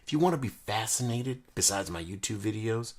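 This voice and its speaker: A young man from the United States chatting casually and excitedly while opening and reviewing card decks, full of slang and jokes. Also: lowish voice, a little fast, breathy edge. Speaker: card collector host. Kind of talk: casual unboxing chat.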